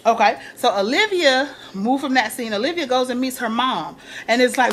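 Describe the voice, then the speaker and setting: A TV recap vlogger talks fairly quickly with hardly any pauses as she goes over an episode in casual chat. She's animated, laughs often and acts out quotes in a higher voice.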